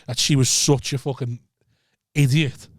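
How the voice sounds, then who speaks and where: Comic, podcast storyteller, animated and sweary, dry close mic. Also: male voice, medium pitch, measured pace, no room sound. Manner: animated, swearing, acts out voices. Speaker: comedian.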